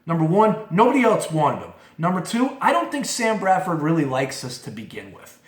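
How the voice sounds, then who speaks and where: A man's voice: on the high side, huge pitch swings, moderate pace. A man hosting a casual podcast, giving his opinions in a fired-up monologue with lots of restarts and asides. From moved to Philadelphia as an adult. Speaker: podcast host. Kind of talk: casual sports talk monologue. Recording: roomy echo.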